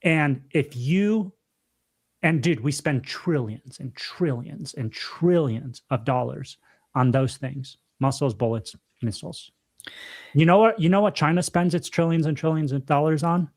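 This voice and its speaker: A man's voice: a little high, measured pace, darkish tone. A young man co-hosting a podcast in casual chat, talking emphatically, repeating himself and calling his friend dude and bro. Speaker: podcast co-host.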